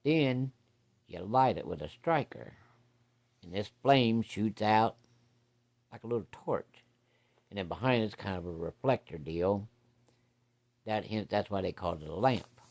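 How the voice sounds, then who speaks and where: A man spinning a folksy yarn in an easy, unscripted way. His voice sits a touch low, and his talk is salty and blunt, with plenty of cussing. He keeps the story rolling along casually. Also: lively intonation, a little slow, vocal fry, long pauses, a little mellow. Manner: folksy, salty, uses profanity.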